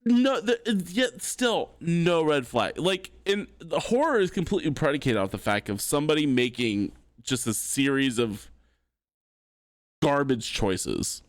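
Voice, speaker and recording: A man's voice: on the high side, big pitch swings, unhurried, dry recording. A man co-hosting a gaming podcast, sarcastically piling up rhetorical questions. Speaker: podcast co-host. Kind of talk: casual gaming chat.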